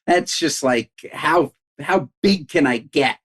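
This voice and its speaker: A man co-hosting a podcast, joking in animated casual chat with his pitch swinging up and down. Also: slow pace, breathy edge. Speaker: podcast co-host.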